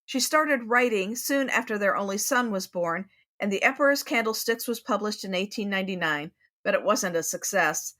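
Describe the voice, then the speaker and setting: A woman's voice: mid-range voice, moderate pace, a bit bright. Woman co-host reading history notes. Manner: laughs often, reads history notes steadily. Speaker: podcast co-host. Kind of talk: casual podcast chat and read history segment.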